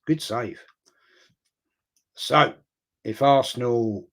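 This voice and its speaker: A middle-aged man chatting through a live football watch-along stream, rambling and excitable and swearing freely. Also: on the high side, measured pace, long pauses.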